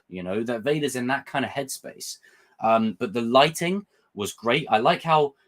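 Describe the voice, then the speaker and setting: An excitable young man hosting a casual review stream. He rambles and swears freely as he talks his way through his thoughts, restarting sentences when he gets carried away. His voice sits at an ordinary, middle pitch. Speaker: host.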